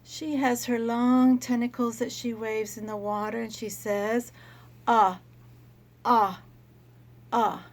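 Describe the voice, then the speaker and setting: Woman teacher, slow and slightly gravelly, gentle phonics lesson for kids. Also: on the high side, level tone. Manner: slow, gentle, sounding out letters for children.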